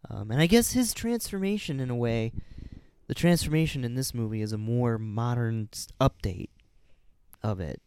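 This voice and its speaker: A relaxed man chats about a film with a friend, his voice moving a lot in pitch. He sounds smooth and clear, recorded close in a dry space. He laughs often and drifts into fillers. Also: normal speed, dry recording. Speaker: podcast co-host. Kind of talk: casual movie chat.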